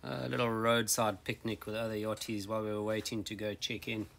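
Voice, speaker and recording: A man narrating a casual sailing travel vlog, relaxed and hesitant with frequent ums and uhs, recorded outdoors on a handheld camera. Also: on the low side, a little fast, creaky. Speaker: sailing vlogger. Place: outdoors on an island. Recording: windy outdoor noise.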